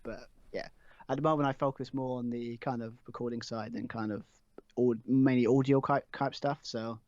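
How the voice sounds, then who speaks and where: A man's voice: medium pitch, fairly even intonation, moderate pace, darkish tone, no echo, muffled recording. A man, a podcast guest chatting casually and rambling, with many fillers and restarts. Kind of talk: casual chat.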